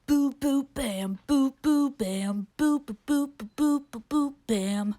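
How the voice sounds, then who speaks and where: Woman doing a singsong excited teen boy. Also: extremely high pitch, slow pace, no echo, studio quality, voice pushed up, exaggerated voice. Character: cheerful teenage boy who sings along.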